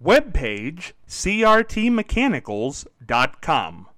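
A man's voice: on the high side, big pitch swings, takes it slowly, sharp tone, no echo, low-quality recording. A man reading upbeat promotional announcements for a local radio station.

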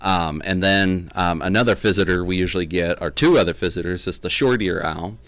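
A naturalist man explaining things in a relaxed chat, with many ums and uhs. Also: deep voice, brisk, dry recording. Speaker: naturalist guest. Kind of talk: casual chat.

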